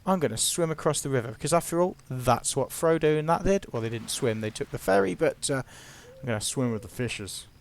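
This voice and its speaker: Gravelly man narrating gameplay. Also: a little high, animated, brisk, few pauses, slight background noise. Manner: chatty, playful, self-mocking. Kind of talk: casual gameplay commentary.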